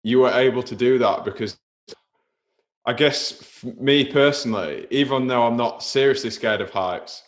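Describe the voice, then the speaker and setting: A man's voice: medium pitch, normal speed. A man hosting a podcast interview, asking thoughtful, reflective questions in casual conversation. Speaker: podcast host.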